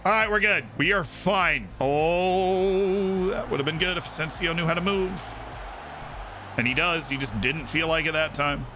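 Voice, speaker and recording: A male streamer giving lively, excitable commentary on a football management game as he plays live, shouting at his players on screen. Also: fairly high pitch, measured pace, faint music behind.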